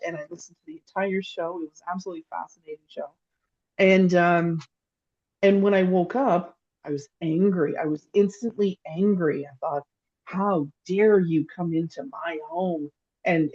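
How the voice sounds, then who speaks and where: On a remote call mic that sounds a little dull, a woman who is a psychic and podcast co-host tells a long personal story in casual conversation. Her voice is somewhat low and mellow, and she rambles and restarts as her feeling builds.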